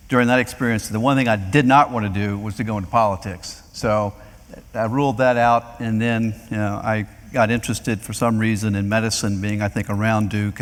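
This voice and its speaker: A middle-aged man from North Carolina, a medical device executive, answering interview questions conversationally before a live audience, with frequent fillers. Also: lowish voice. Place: lecture hall with audience. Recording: long hall reverb.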